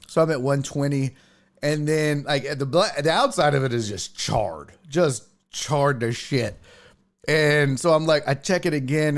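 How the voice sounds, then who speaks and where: A man's voice: on the high side, moderate pace. A man hosting a casual sports live stream, rambling and swearing as he reads chat messages. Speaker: sports podcast host.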